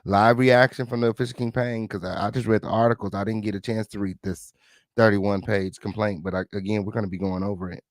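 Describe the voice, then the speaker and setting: In a dry, studio-quality recording, a man with a lowish, steady voice talks fast while reacting to news live. Addressing viewers head-on, he's chatty and sassy, leaning on repeated catchphrases and playful mock-dramatic comments.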